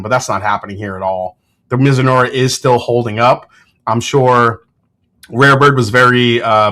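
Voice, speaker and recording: A man hosting a casual livestream, talking in a relaxed, rambling way and reading viewer comments aloud, with plenty of fillers and restarts. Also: medium pitch. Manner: frequent fillers and self-corrections. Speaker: whiskey reviewer and channel host.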